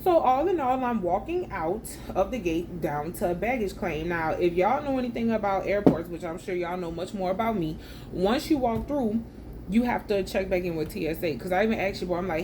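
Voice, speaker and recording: A woman's voice: mid-range voice, normal speed, background noise. Chatty woman storyteller. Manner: chatty and slangy, with animated retold dialogue. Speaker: vlogger. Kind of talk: casual storytelling vlog.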